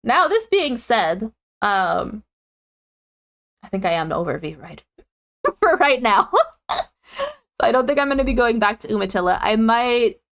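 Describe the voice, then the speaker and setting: A woman's voice: on the high side, big pitch swings, a little slow, pauses often, fairly bright tone. A woman chatting casually on a live stream, giggling often and rambling with lots of fillers and self-corrections.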